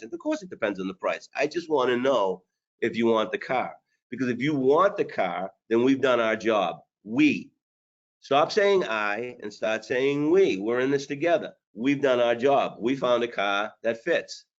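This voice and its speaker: A man's voice: medium pitch, expressive, normal speed. Blunt man on dull webinar audio. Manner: blunt, hard-driving, joking. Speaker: sales trainer. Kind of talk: webinar coaching talk.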